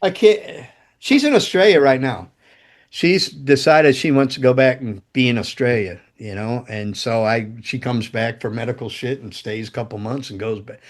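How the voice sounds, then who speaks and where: A man's voice: medium pitch, moderate pace. A man telling rambling, profane stories in casual chat as a podcast guest. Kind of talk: casual storytelling.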